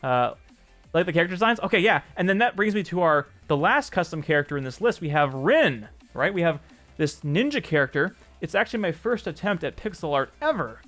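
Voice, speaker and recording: A man's voice: on the high side, very animated, a little fast, a bit bright, faint music behind. A man streaming and showing off his own game, chatting in an upbeat way and thanking viewers by name. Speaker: streamer and indie game developer. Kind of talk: casual live-stream commentary.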